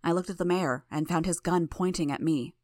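A woman narrating a first-person audiobook in a measured, steady manner. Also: lowish voice, dry recording, clean studio sound.

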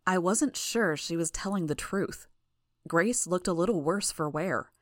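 A woman reading a first-person audiobook in a measured, even way. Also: on the low side, dry recording, studio quality. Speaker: audiobook narrator.

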